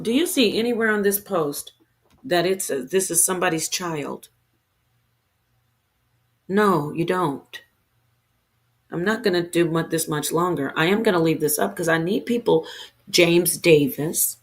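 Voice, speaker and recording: A woman streamer talking straight to camera in an unscripted rant, heated and defensive, rambling and restarting her sentences. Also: on the low side.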